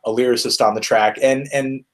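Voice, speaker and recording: A man's voice: medium pitch, steady tone, fairly quick. A man hosting a casual album review discussion, thinking aloud with frequent fillers and restarts. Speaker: music reviewer, host.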